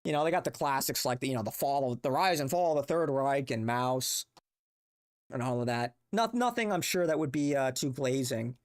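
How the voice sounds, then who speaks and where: Young streamer cussing nonstop, fed up and rambling, middling pitch. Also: moderate pace. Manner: profane, exasperated, rambling. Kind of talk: casual livestream rant.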